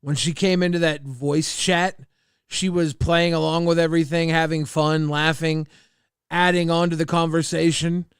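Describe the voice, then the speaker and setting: Man, casual stream talk, smooth high voice, emphatic and defensive, dry close sound. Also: level tone, normal speed, no room sound.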